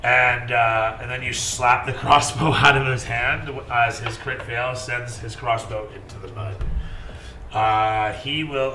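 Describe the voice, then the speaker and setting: Give me a casual, swearing dungeon master with a gravelly voice, recorded from afar in an echoey room. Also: male voice, mid-range voice, pushed and bright, a little hiss or hum. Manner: casual, swears often, fills with "uh". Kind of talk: narrating a tabletop game with shouted character voices. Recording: echoey room from far off, music behind.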